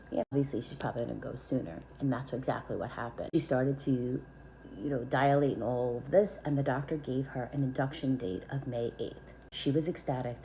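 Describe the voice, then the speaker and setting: A woman telling a personal story to her viewers, animated and dramatic, with whispered asides. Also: extremely low pitch, a little hiss or hum. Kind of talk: casual storytelling to camera.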